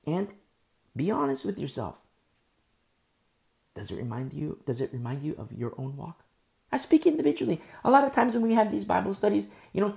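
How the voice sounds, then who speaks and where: Gravelly-voiced pastor with a sore throat. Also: male voice, mid-range voice. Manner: swings between loud emphasis and soft, slow talk. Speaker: pastor teaching a Bible study. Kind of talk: conversational sermon-style Bible teaching.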